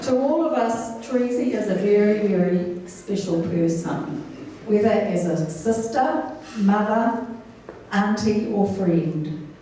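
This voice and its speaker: A woman with an expressive, medium-pitched voice delivers a wedding speech, sharing stories about the couple warmly and at a measured pace while laughing along. The reception hall echoes, the mic sits far off, and there's a little hiss or hum.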